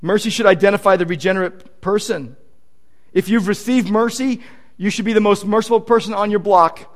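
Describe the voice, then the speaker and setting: A man's voice: high voice, brisk. A male pastor preaching a sermon in an earnest, emphatic way, leaning on repeated points.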